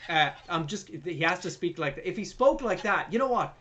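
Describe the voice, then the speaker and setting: A young man hosting a podcast, retelling a film plot in a jokey, sweary, animated way. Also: high voice, a little slow. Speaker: podcast host. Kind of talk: casual film review chat.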